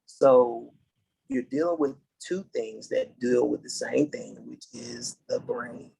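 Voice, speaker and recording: A middle-aged man from the United States, a podcast guest, telling his story in an earnest, halting way and restarting dates as he goes. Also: medium pitch, steady tone, gravelly, dark tone, husky, low-quality recording. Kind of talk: casual interview storytelling.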